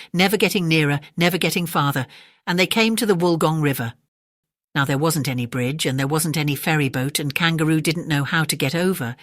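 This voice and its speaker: A woman narrates a bedtime story with a low, calm voice. She reads the repeated refrains in a rhythmic, chant-like way. The recording is dry and close. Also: no room sound.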